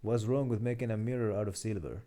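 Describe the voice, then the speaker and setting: A man's voice: lowish voice, fairly even intonation, fast, dark tone. A man on a live stream reading and reacting to memes in a chatty, muttering way, full of restarts. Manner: chatty, muttering, laughs at jokes, many restarts. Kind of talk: casual live-stream commentary.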